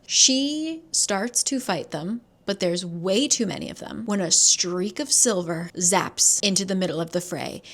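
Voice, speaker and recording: A woman giving a casual, chatty recap of a fantasy novel, using lots of "like" and dropping the occasional swear. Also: mid-range voice. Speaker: book reviewer.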